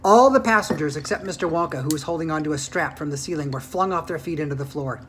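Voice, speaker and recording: Woman reading a storybook aloud, lowish voice. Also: fast talker, a little hiss or hum. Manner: animated, expressive. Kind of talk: reading a children's book aloud.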